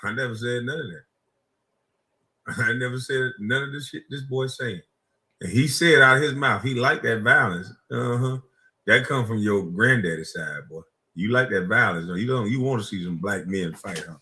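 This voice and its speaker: Bright, mocking South Carolina man. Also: mid-range voice, normal speed. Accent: Gullah Geechee, South Carolina. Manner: mocking, combative, laughs at his own insults. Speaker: streamer host. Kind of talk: heated reaction stream.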